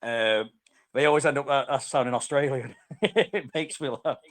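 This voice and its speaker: A man's voice: mid-range voice, normal speed, a bit bright. A man with a British accent, rambling with many fillers in a casual voice chat.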